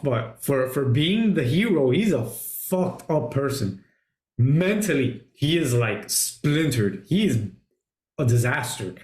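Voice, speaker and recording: A man hosting a casual movie review chat, retelling scenes excitedly and swearing a lot. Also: medium pitch. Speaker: podcast host. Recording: roomy echo.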